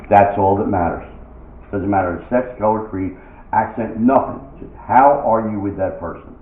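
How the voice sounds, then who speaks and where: A man's voice: lowish voice, moderate pace. A middle-aged man performing a stand-up comedy set, telling jokes in a punchy way and acting out the voices in them. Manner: punchy joke delivery, acting out quoted voices. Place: outdoor stage with live crowd. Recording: echoey lo-fi phone-like recording of a live show.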